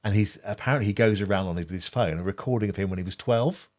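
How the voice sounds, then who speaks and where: A man's voice: fairly low pitch, fast talker, darkish tone. A middle-aged man co-hosting a podcast, chatting casually and earnestly, often repeating words as he thinks. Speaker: podcast co-host. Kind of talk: casual conversational chat.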